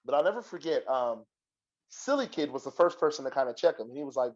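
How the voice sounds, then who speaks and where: A man's voice: medium pitch, expressive, fast, muffled recording. A man telling a heated story in casual podcast chat, cursing freely and acting out what he said back then. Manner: profane, heated retelling with quoted dialogue.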